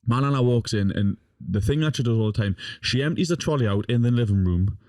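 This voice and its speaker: A man's voice: medium pitch, expressive, fast talker, a little mellow, dry recording. A young man telling a rowdy story in casual podcast chat, swearing constantly and laughing as he goes. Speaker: podcast guest.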